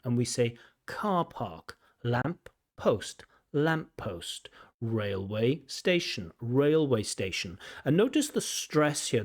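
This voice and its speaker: A man talks as an IELTS examiner reviewing a recorded test. He pauses on each mistake, repeats example words slowly and marks the stress. He sounds like a teacher explaining to students. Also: medium pitch. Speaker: IELTS examiner giving feedback.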